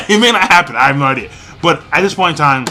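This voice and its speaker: A young man giving a fired-up, profane, rambling manga review with shouted outbursts. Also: on the high side, expressive, quick pace. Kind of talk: ranting commentary.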